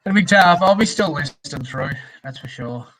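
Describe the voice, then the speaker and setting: A man's voice: a little high, lively intonation, fairly bright tone, poor audio. Easygoing Australian man, loose rambling talk. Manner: easygoing, talks quickly in loose run-on phrases. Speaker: co-host. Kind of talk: casual live-stream chat.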